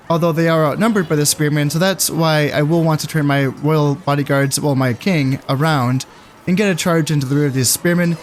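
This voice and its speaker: Relaxed, slightly high-voiced game commentator man. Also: slight background noise. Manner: relaxed, musing, thinks aloud with fillers. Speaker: gameplay commentator. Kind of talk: casual let's-play commentary.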